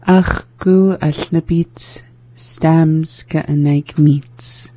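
A woman in a language lesson, repeating phrases after the teacher in a measured way. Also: sits low, steady tone, dark tone, dry recording.

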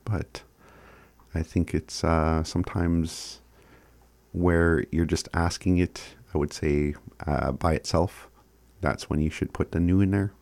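Slow, deep-voiced man teaching phrases. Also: fairly even intonation, darkish tone, no room sound. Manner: chuckles often, sounds out words slowly. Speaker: language teacher. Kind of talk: casual recorded lesson.

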